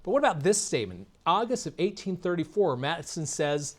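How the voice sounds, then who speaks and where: Combative male keynote speaker, higher voice. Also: sing-song, fast talker, hardly any pauses. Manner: combative, sarcastic, asks the audience questions. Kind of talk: political keynote speech. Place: convention meeting room.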